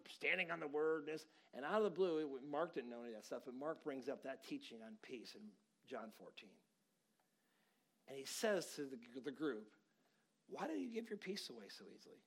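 A man preaching a sermon, telling a story conversationally and building to emphatic encouragement. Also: medium pitch. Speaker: pastor.

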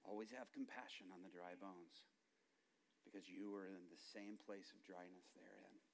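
A preacher voicing the Lord in a hushed, slow, solemn tone as he quotes what he was told. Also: sits low, steady tone, gravelly, a little hiss or hum, voice pushed down. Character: the Lord, a gentle, solemn male voice.

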